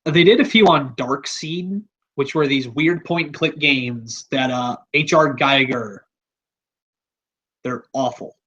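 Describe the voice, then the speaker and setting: A man's voice: mid-range voice, slow, fairly bright tone, muffled recording. A man hosting a podcast, talking in a rambling, offhand, casual way and swearing freely. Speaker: podcast host.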